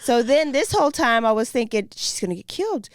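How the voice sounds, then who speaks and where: A woman co-hosting a true-crime podcast, chatting casually, quick to laugh and quoting people with drama. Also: on the high side, no room sound, studio quality. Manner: animated, laughs often, quotes people dramatically. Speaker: podcast co-host.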